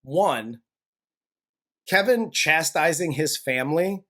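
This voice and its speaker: A man's voice: on the high side, expressive, slow, a bit bright. A man co-hosting a casual movie review, heated and profane, who laughs often. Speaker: movie review podcast co-host.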